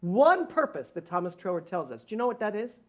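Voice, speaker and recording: A middle-aged man, a minister, giving a conversational sermon to a congregation, animated and joking at his own expense. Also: high-pitched, a little fast. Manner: animated, jokey, self-mocking. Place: church service before a congregation.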